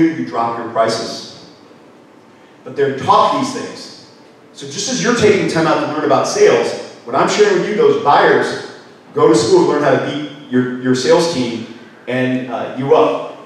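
A man's voice: on the high side, animated, a little slow, long pauses, a little hiss or hum. A man giving a live workshop talk, asking his audience many questions. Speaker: workshop speaker. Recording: echoey hall, mic far off.

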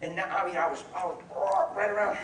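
A man preaching a sermon and telling stories, animated, laughing, and shouting at the peaks. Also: sits high, quick pace, a little hiss or hum. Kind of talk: sermon with storytelling. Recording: echoey hall from far off with crowd.

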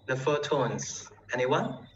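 A teacher leading a live online class who keeps filling pauses with "yeah", heard through distant, dull call audio. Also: medium pitch, reverberant, slight background noise. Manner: fills with frequent "yeah".

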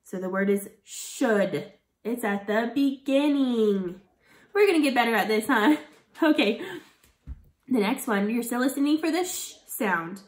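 Lively woman teacher, slow phonics drill. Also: a little high. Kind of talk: early reading lesson for children. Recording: echoey room.

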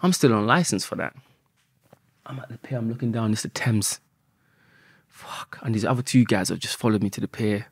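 A man, a podcast guest telling a story in an animated way and swearing often. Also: fairly low pitch, moderate pace, long pauses, husky, no room sound, clean studio sound.

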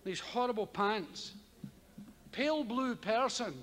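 A Scottish man performs stand-up in a large theater, his high voice leaping around as he spins a profane story at an unhurried pace. He breaks into sudden yelps and howls to act out the tale. The sound carries a long hall reverb over a steady hum of audience. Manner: animated, profane, loud vocal sound effects. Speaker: stand-up comedian. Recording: live hall with audience ambience.

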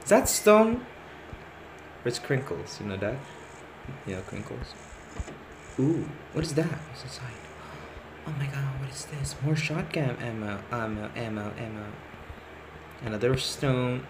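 A man talking to himself as he plays a horror game, excitable, repeating words and calling out what he finds. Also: medium pitch, a little slow, pauses often, noisy background. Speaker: gamer. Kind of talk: let's play commentary.

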